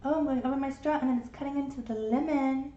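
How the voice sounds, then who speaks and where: A woman's voice: high-pitched, steady tone, quick pace, mellow. A woman in her forties, chatty and encouraging, giving a live painting lesson. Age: 40s. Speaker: art instructor. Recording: roomy, dull sound.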